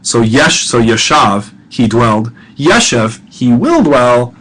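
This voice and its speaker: A man's voice: mid-range voice, animated, fairly bright tone, rough recording. Man teaching Hebrew grammar. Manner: patient, chatty, slows to sound out Hebrew words. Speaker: professor. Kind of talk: recorded grammar lecture.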